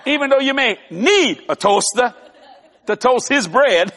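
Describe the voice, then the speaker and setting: High-voiced older preacher in a big hall. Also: male voice, animated, unhurried, bright, forceful tone. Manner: folksy, emphatic, joking with laughs. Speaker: televangelist preacher. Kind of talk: sermon. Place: large church hall. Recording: long hall reverb.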